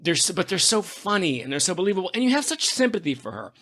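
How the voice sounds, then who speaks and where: Male podcast host with a very bright, somewhat high voice. He tells stories with effusive enthusiasm in easy, casual chat. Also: big pitch swings, fast.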